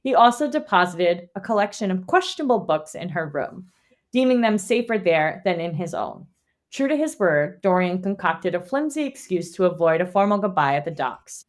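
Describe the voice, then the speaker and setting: A woman co-hosting a book club podcast, reading a plot summary and then chatting in an animated way, laughing and swearing. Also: fairly low pitch. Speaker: podcast co-host. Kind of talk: read summary and casual book chat.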